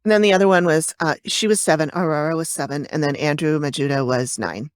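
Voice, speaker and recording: A woman's voice: low voice, fast, no echo, studio quality. A woman co-hosting a casual true-crime podcast, chatty and hesitant, with frequent fillers and restarts. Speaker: podcast co-host.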